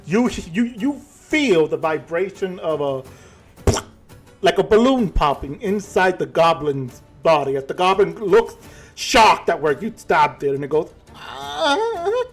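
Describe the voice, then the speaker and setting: Man, game master, high voice, lively swings in pitch, casual joking narration. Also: measured pace, soft background music. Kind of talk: running a tabletop game.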